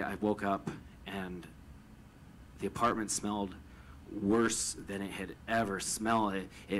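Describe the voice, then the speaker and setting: A man's voice: on the low side, fairly bright tone, slight background noise, low-quality recording. A man telling a personal story with a lot of stammering repetition, retelling it with emotion.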